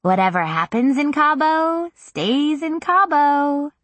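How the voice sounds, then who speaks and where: A woman's voice: high voice, expressive, takes it slowly, fairly bright tone, dry recording, pitched above the performer's own voice, heavily acted. A woman voicing a drunk, gossipy young party girl who slurs her words. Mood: sing-song. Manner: slurring.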